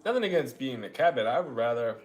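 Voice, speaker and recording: A man's voice: mid-range voice, sing-song, quick pace. A young man with a Long Island accent chatting casually with his partner on a stream, rambling and joking and greeting viewers. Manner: rambling, jokey, greets viewers mid-talk. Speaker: live stream host.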